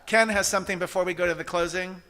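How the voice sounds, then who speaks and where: Male church service leader, bright, a little high, animated and chatty with shouting bursts. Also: quick pace. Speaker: practitioner leading a service. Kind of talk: sermon. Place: church sanctuary.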